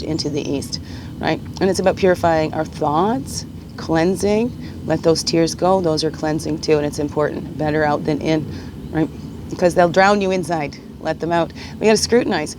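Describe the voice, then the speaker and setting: A woman giving a casual spiritual card reading, musing gently and often checking in with "right?". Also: sits low, noisy background.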